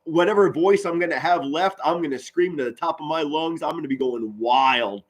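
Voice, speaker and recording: Excitable Philly-man calling football. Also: on the high side, normal speed. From Pennsylvania, US. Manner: loud, excitable, swings from mutters to shouts. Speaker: sports commentary streamer. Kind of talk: live play-by-play and chat with viewers.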